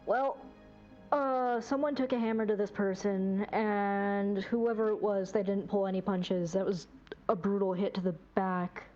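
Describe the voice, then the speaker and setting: A woman's voice: medium pitch, steady tone, a little slow, a little mellow, lo-fi sound, soft background music, natural voice. A woman voicing a blunt adventurer. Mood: grim.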